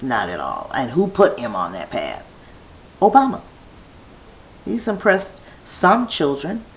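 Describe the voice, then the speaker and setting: Woman vlogger, low voice that swings widely, rambling home monologue. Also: huge pitch swings, slow pace, slight background noise, poor audio. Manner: meandering, restarts thoughts, chatty asides. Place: home video set.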